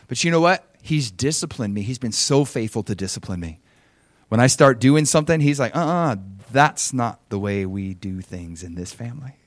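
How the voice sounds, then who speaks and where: A man with a fairly low voice preaches a sermon, telling a personal story with animated swings between loud emphasis and soft asides and often chuckling. There is no echo in the recording.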